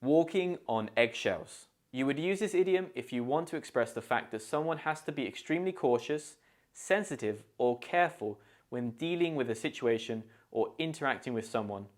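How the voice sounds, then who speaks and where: British man teaching idioms slowly and deliberately. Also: medium pitch, expressive. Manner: slow, deliberate modelling of pronunciation. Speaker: English teacher. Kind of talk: scripted language lesson.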